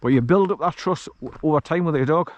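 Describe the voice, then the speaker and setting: A man's voice: a little high, fast talker, dry recording, highs cut off. A man chatting casually as he walks a countryside track with his dog, rambling and chuckling often, recorded on an action camera outdoors. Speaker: vlogger walking his dog. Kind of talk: casual walk-and-talk narration. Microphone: action camera carried while walking.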